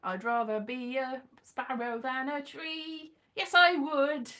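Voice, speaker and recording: A woman's voice: high voice, steady tone, slow pace, bright, forceful tone. A woman from Wales rambling playfully in a casual monologue, often drifting into half-sung lines. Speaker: vlogger and performer.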